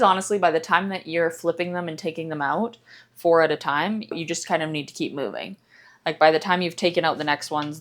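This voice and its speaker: Young woman vlogger, goofy and chatty, slightly low voice, casual kitchen talk. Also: a bit bright. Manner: playful, sings nonsense and jokes while cooking. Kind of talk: casual kitchen vlog chat.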